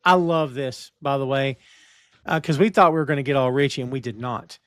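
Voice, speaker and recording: A man's voice: medium pitch, a little fast, fairly bright tone, no echo, studio quality. A man co-hosting a podcast who bluntly recaps what happened in a show. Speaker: podcast co-host. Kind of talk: casual chat, recapping an episode.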